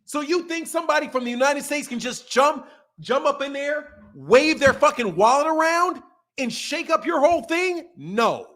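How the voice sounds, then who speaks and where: A man's voice: extremely high pitch, expressive, normal speed, a bit bright. A man hosting a casual podcast, ranting emphatically and swearing a lot. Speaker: boxing channel host. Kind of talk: casual profane podcast rant.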